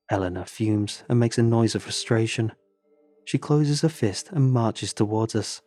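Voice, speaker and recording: A man narrating a horror story in a steady, measured storytelling voice. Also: lowish voice, faint music behind.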